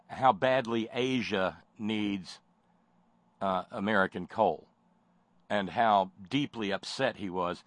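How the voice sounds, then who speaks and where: A man's voice: lowish voice, a bit bright, no echo. A man giving sardonic spoken commentary, mocking and rambling with many fillers and false starts.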